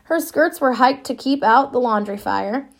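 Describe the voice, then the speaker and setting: Brief: woman narrator, first-person audiobook, wry and wistful, somewhat high voice. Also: animated, normal speed.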